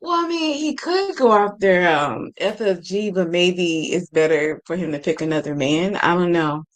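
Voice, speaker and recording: A woman's voice: fairly low pitch, animated, normal speed. Hesitant woman panelist thinking aloud. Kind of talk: casual panel chat.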